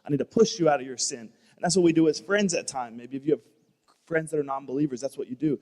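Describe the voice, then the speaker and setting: A man's voice: on the high side, fast talker, a little mellow, big-room sound. A man on a church staff talking earnestly in a panel discussion, often repeating himself and restarting phrases. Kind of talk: heartfelt panel talk.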